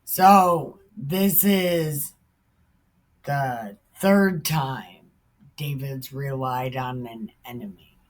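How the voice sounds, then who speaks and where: A woman's voice: extremely low pitch, extremely slow. A woman hosting a casual Bible reading, mixing the text with chatty, profane, slangy asides. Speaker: Bible commentary host.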